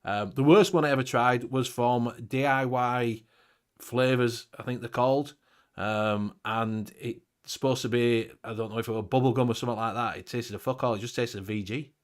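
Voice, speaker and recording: British male host, blunt and sweary, laughs a lot, mid-pitched voice. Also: steady tone, normal speed, clean tone. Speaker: show host. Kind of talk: casual group chat.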